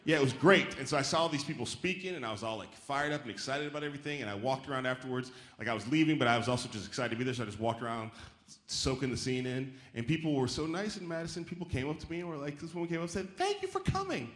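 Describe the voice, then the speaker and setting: Speaking very fast at a medium pitch with a fairly bright tone, a man performs stand-up in a theater, talking casually, bantering with the audience and now and then imitating chirpy voices. The recording has the roomy feel of a live hall, with faint crowd noise and audience laughter behind him.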